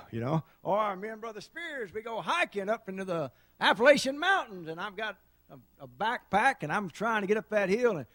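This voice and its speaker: A middle-aged man preaching a sermon, telling folksy stories and building to loud shouts. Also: sits high, sing-song, normal speed, no echo. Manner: folksy storytelling, dramatic swings to loud shouting. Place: church sanctuary.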